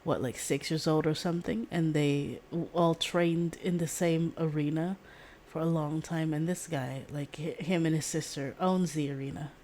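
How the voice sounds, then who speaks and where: A woman's voice: sits low, fairly even intonation, moderate pace, hardly any pauses, darkish tone, a little hiss or hum. A woman streamer chatting casually, rambling and giggling often, with casual swearing. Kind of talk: casual chat.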